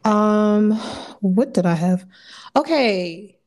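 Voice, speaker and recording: A woman co-hosting a casual chat podcast, her voice at a middle pitch. She talks hesitantly, searching for words and trailing off with "I don't know". Her tone stays relaxed and conversational. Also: drawn-out words. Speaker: podcast co-host.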